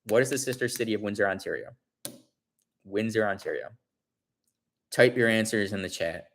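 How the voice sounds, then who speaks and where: A man's voice: on the low side, moderate pace, a little hiss or hum. Rambling man chatting on a livestream. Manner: rambling, many restarts, animated retelling. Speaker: livestream host. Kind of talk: casual livestream chat.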